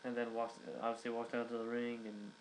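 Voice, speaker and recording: A man's voice: mid-range voice, monotone, brisk, slight background noise, rough recording. Rambling man recapping casually. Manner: rambling, many fillers and restarts. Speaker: wrestling reviewer.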